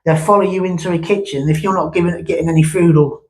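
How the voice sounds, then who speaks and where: A man's voice: on the high side, fairly even intonation, fast talker, poor audio. A man with a slightly raised speaking voice tells a ghost story about his old family home. He rambles and circles back, restarting sentences and adding casual asides as he goes. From England. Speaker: vlogger.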